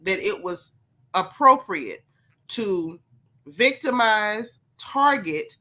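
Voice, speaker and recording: Stuffy-nosed lady doing a gossip livestream, bright edge on her voice, keeps repeating herself for emphasis. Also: mid-range voice, lively intonation, extremely slow. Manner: talks straight to her chat audience. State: congested, sick voice. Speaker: gossip channel host. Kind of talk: livestream commentary.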